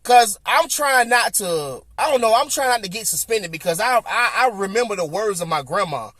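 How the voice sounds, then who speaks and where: A podcast host with a Southern US accent tells a casual story in a high, animated voice at a moderate pace, repeating himself and acting out what people said. The sound is close and completely dry, with no room sound.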